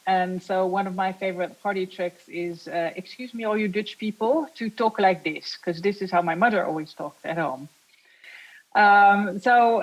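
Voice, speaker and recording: A woman's voice: fairly low pitch, poor audio. An American woman, an art historian speaking on a panel over a video link, chatty with frequent fillers. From United States.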